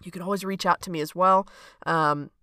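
A woman's voice: fairly low pitch, steady tone, brisk, sharp tone, no echo, studio quality. A woman hosting a reflective solo podcast, talking in an earnest, conversational way and often checking in with "okay?". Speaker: podcast host and coach.

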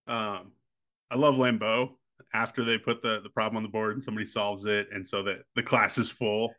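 A man's voice: fairly low pitch, flat delivery, a little fast, bright, forceful tone. A man co-hosting a podcast, chatting casually and enthusiastically about a film he loves. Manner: enthusiastic, quotes film lines at length. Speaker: podcast co-host. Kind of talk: casual chat about a movie.

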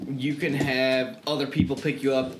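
A man's voice: medium pitch, flat delivery, moderate pace. A man chatting casually as a guest, blunt and joking with some swearing. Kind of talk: casual chat. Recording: echoey room with loud noise.

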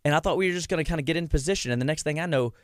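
A man's voice: on the high side, very fast, no echo, studio quality. A middle-aged man hosting a casual radio health talk, a chatty storyteller who acts out what his patients said. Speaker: health practitioner and show host.

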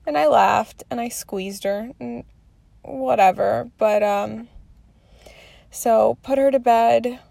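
A woman's voice: a little high, slow, vocal fry, mellow, no room sound. A woman in her thirties talking candidly through her day in a rambling, confessional vlog, swearing freely. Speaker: mother sharing her day.

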